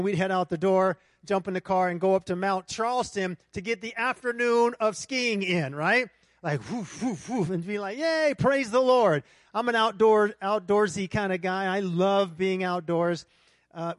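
High-voiced animated man preaching. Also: dry recording, clean studio sound. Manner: animated storytelling, talks to the congregation. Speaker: pastor. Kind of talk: sermon with personal story. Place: church hall with congregation.

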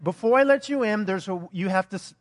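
A man's voice: high-pitched, brisk, big-room sound, close to an everyday voice. A man doing an eager, flustered dead woman. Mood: firm. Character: newly dead woman at heaven's gate, eager.

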